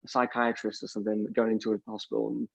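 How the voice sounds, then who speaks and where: A young male actor chatting casually on a live stream, animated and telling a story while acting out the voices in it. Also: on the low side, quick pace, vocal fry, dry recording. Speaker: lead actor. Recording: dull lo-fi stream audio.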